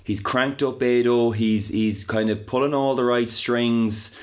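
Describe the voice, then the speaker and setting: A man with an Irish accent co-hosting a comic sports podcast, rambling with many halting restarts. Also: medium pitch, steady tone. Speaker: podcast co-host.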